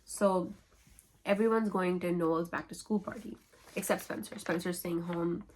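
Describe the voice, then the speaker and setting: A woman's voice: lowish voice, fairly even intonation, moderate pace, a little mellow, slight background noise. A woman who is a book vlogger, summarizing novels in a casual, wry and sarcastic way.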